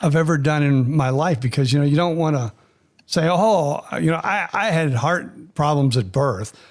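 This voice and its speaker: A man's voice: a little high, moderate pace. A man who hosts a podcast and is himself a transplant recipient, asking questions in a rambling way and restarting his sentences. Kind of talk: conversational interview.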